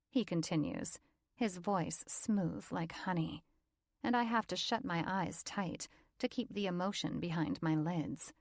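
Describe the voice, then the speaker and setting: A woman narrating a first-person romance audiobook in a calm, even reading. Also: fairly low pitch, a little slow, dry recording, clean studio sound.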